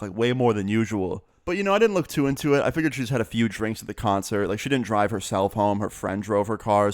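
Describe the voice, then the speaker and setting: A man's voice: on the low side, no echo, studio quality. A young man telling a storytime vlog in a casual, chatty way, with lots of filler words. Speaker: vlogger.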